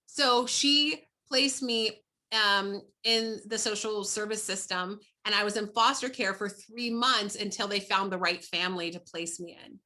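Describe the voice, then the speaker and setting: An American woman, a guest in an interview, telling her life story in an animated, heartfelt way with frequent restarts. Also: medium pitch, unhurried. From United States. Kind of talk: personal storytelling in conversation.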